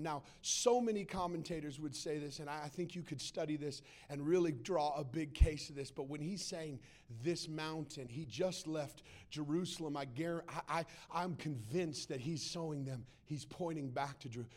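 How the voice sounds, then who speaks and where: A man preaching a sermon to a church congregation, swinging between loud acted-out quotes and quiet, low asides. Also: normal speed, few pauses. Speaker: pastor.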